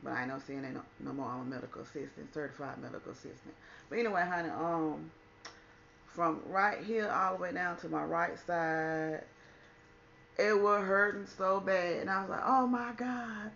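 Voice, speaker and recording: A chatty woman tells a personal story straight to her viewers, acting out what everyone said. Her voice is gravelly and bright. The recording sounds a little dull, with a faint hiss underneath. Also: lowish voice, normal speed. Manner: chatty, says "honey" a lot, acts out quotes. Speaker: vlogger. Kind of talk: casual storytime chat.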